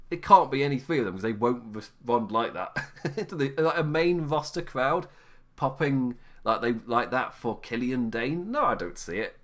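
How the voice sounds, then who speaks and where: A tired man chatting on his own, rambling, often laughing and correcting himself. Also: mid-range voice. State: tired, low energy. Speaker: podcast host. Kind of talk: casual solo wrestling chat.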